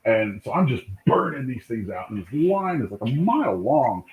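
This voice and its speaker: A man, a comic book artist, telling lively anecdotes in a casual interview, acting out the voices of people in his stories. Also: mid-range voice, normal speed, a little hiss or hum. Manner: animated anecdote-telling, acts out quoted voices. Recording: tinny call line in an echoey room.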